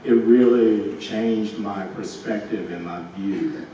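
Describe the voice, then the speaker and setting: A man speaking as an actor on a press panel, halting with many fillers and restarts. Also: lowish voice, dark tone, dull audio. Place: large convention hall. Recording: echoey hall, far from mic, faint hiss.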